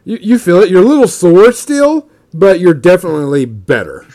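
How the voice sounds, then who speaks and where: A man's voice: sits high, big pitch swings, moderate pace, warm tone. A man narrating a casual tabletop game. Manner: loose, casual narration with many fillers. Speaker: game master.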